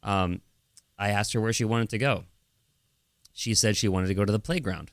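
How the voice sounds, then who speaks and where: A man's voice: lowish voice, moderate pace, dry recording, studio quality. A young adult man co-hosting a podcast, telling stories in casual chat and acting out what people said. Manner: storytelling with laughs and acted-out quotes. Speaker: podcast co-host.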